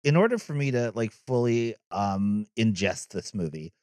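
A man's voice: lowish voice, expressive, moderate pace, a little mellow, no echo. A man co-hosting a film podcast, musing reflectively with plenty of "like" and ribbing his co-host. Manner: teasing, reflective, lots of "like" and "you know what I mean". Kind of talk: casual film discussion.

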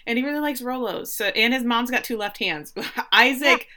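A woman co-hosting a casual chat, recapping a TV episode with lively retelling and quick voices for the characters. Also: on the high side. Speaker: podcast co-host recapping a TV episode.

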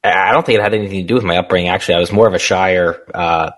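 A man with a very low, deep voice speaks as a guest on an interview show. He tells his story candidly, in a relaxed conversational way, and he laughs easily. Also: racing. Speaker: guest, small business founder.

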